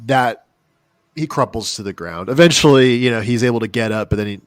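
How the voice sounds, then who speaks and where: A man's voice: medium pitch, a little fast, dry recording, clean studio sound. A man from the United States telling a true crime story in casual, joking podcast chat. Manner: joking, rambling, mocking asides. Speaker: podcast co-host.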